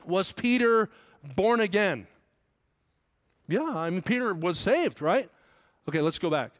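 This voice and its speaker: Male pastor, somewhat high voice, expository sermon with sudden emphatic peaks. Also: expressive, unhurried. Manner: preaching with sudden loud high emphasis on quotes; asks the congregation questions.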